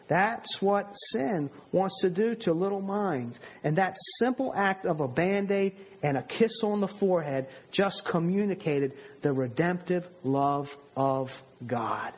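A man's voice: high-pitched, lively intonation, unhurried, slightly rough, muffled recording. A man preaching a sermon in an earnest, emphatic way, often repeating words and restarting his sentences.

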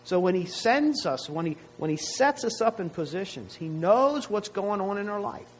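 Conversational preacher man, slightly high voice. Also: sing-song, normal speed, a little hiss or hum, low-quality recording. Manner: conversational, asks rhetorical questions. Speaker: pastor. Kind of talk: sermon.

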